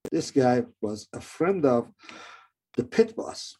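Halting middle-aged man with an accent. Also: medium pitch, lively intonation, a little mellow, husky. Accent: non-native English. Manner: rambling, halting with many restarts. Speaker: person telling his recovery story. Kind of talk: personal testimony.

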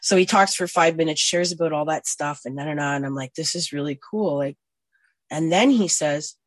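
A woman in her forties, blunt and profane, telling her own recovery story and swinging from hushed to loud. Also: deep voice, a little fast, dry recording. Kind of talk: personal recovery testimony.

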